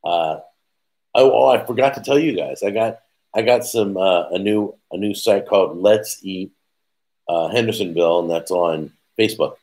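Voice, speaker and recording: A man's voice: low-pitched, a little mellow, rough recording. Rambling, chatty man hosting a casual stream. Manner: rambling, chatty, quick asides, laughs at his own stories. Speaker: host. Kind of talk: casual live chat answering viewers.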